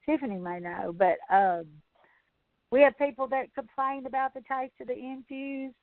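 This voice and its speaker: A woman's voice: high-pitched, moderate pace, no room sound. A woman, hosting a sales training call in casual, rambling, folksy chat. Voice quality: chatty, rambling, folksy storyteller. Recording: tinny phone line.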